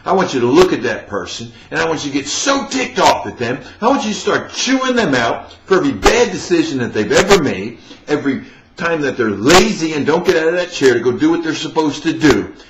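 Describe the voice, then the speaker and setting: A man's voice: a little high, big pitch swings, a little fast, roomy sound, lo-fi sound, noisy background. A man giving a fired-up motivational monologue as a life coach, emphatic and preaching.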